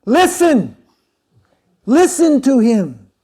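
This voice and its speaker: A man voicing a short, fiery male holy man who shouts brief orders, high and loud against his own voice. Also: very animated, drawn-out words, heavily acted. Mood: commanding.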